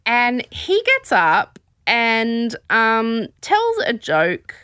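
A woman hosting a casual podcast, telling a story in an animated, chatty way. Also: fairly high pitch, very slow, smooth, no room sound, clean studio sound. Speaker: podcast host. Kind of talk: casual chat recapping a show.

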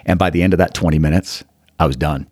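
Deep-voiced animated storyteller man. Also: fast talker, no room sound, studio quality. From Utah. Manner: animated, acts out quotes in the story. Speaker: guest, fund manager. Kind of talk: storytelling interview.

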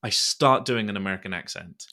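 Laughing podcast host, bright voice. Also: male voice, on the low side, brisk. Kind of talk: casual chat.

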